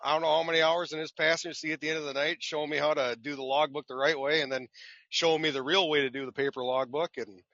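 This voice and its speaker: Here the same kind of podcast guest, a man who drives trucks, speaks at a fairly high pitch and moves quickly through his funny stories at his own expense, voicing each character as he goes. The audio is dry and sounds dull.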